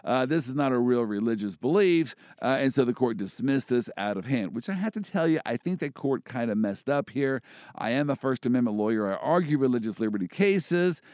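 A man's voice: medium pitch, brisk, dry recording, studio quality. A man hosting a casual chat about legal cases, joking and restarting often as he explains. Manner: joking, animated, many restarts. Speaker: host and First Amendment lawyer.

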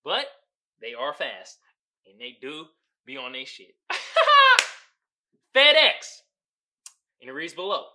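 A man's voice: a little high, wildly swooping pitch, slow, long pauses, sharp tone. A man hosting a podcast, riffing casually on memes with profane slang and frequent laughter. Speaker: podcast host. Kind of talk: casual comedic commentary on memes.

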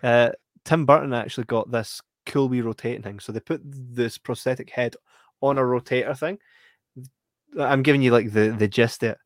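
Man, animated, laughing storyteller. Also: medium pitch, normal speed, no echo. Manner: animated storytelling, bursts of laughter, voices acted-out quotes. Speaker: podcast co-host. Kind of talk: casual chat.

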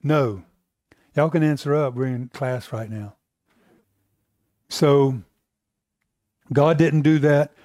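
A man's voice: fairly high pitch, slow, long pauses, dark tone, no room sound, studio quality. An American man teaching a Bible class, asking the room questions and repeating himself as he builds his points.

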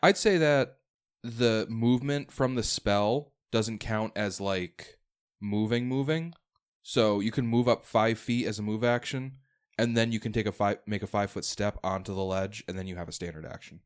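A man's voice: lowish voice, normal speed, clean tone. A man acting as game master, explaining rules step by step and thinking aloud as he runs a tabletop game.

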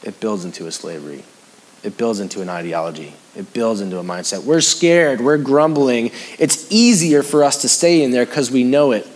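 A man delivers a sermon as casual, personal talk to a congregation. He keeps circling back to the same phrases, lifting his voice to press a point and then sinking to a quiet, grave register. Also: mid-range voice, animated, moderate pace. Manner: conversational preaching with sudden rises and hushed drops; repeats phrases for emphasis. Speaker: pastor.

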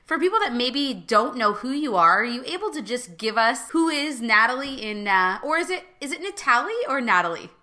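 A woman's voice: fairly high pitch, big pitch swings, brisk, hardly any pauses, pushed and bright. A woman hosting a fitness podcast, speaking in an enthusiastic, motivational way as she introduces her guest. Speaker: podcast host. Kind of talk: upbeat podcast intro and interview.

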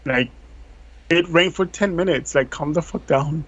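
A man in casual podcast chat, talking quickly in slang, full of fillers and exasperation. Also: a little high, fairly bright tone. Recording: dry, dull lo-fi sound.

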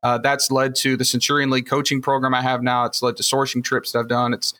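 A man's voice: mid-range voice, monotone, fast talker, sharp tone. A man with a Southern Alabama accent, telling rambling, enthusiastic stories with plenty of fillers on a casual podcast. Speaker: podcast guest, future host.

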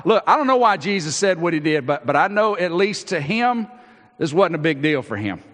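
A man, a pastor preaching a sermon, animated and acting out the Bible scenes he tells, with frequent restarts. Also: on the high side, normal speed. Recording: long reverb of a large hall.

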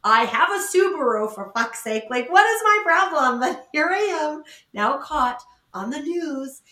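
A woman's voice: high voice, animated, a little slow, sharp tone, reverberant. A woman podcast co-host from the Pacific Northwest telling a story in casual chat, self-mocking and laughing often as she acts out what others said. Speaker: salon owner.

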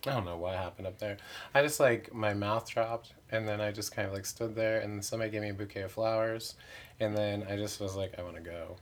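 Chatty drag performer, low voice. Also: male voice, fairly even intonation, brisk. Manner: chatty, candid, frequent "like" fillers, self-mocking. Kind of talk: casual interview chat.

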